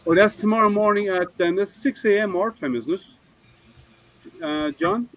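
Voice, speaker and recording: A man's voice: high voice, moderate pace, fairly bright tone, poor audio. Rambling man hosting a livestream. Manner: rambling, thinking aloud with many ums. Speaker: livestream host. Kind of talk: casual livestream chat.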